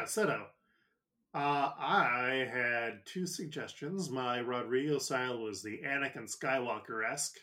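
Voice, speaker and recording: A man with a medium-pitched, slightly bright voice co-hosts a casual comedy podcast. He's enthusiastic and joking, tossing in profanity as he goes.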